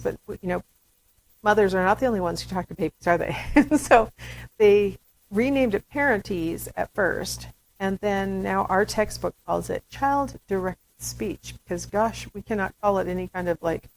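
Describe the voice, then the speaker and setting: A woman's voice: medium pitch, creaky, rough recording. A woman giving a recorded lecture to students in a chatty style, with playful asides. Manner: acts out baby talk in demonstrations. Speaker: university lecturer.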